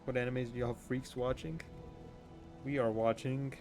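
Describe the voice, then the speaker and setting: A man's voice: medium pitch, little pitch movement, measured pace, a little mellow, soft background music. A young man streaming a game, chatting casually with viewers in a joking, offhand way and laughing often. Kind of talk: casual chat reading viewer messages.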